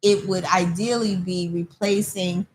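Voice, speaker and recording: A woman hosting a casual chat in a hair salon, telling stories with lively quoted dialogue. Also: on the low side, a little slow, a little hiss or hum, low-quality recording. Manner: animated storyteller, acts out quoted callers. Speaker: host.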